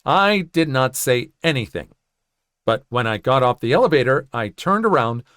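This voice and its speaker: A man's voice: medium pitch, big pitch swings, normal speed, fairly bright tone, smooth, no echo, studio quality. A man narrating a first-person story in a conversational way, with joking asides.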